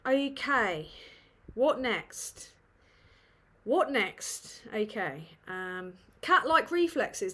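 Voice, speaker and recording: A woman's voice: high-pitched, fairly bright tone. A woman from England, hosting a live Q&A in a sweary, self-mocking, rambling way. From northern England. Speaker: livestream host. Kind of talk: casual live Q&A chat.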